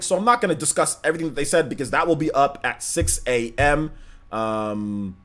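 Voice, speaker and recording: A man's voice: on the high side, lively intonation, moderate pace, fairly bright tone. A young man hosting a gaming livestream, chatting loosely and telling stories animatedly, full of "man" and "like". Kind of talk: casual livestream chat.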